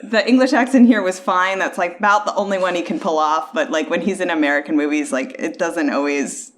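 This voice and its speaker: A woman's voice: fairly low pitch, fairly quick, slight background noise. A woman co-hosting a podcast in casual chat, opinionated and full of "like" fillers. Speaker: podcast co-host.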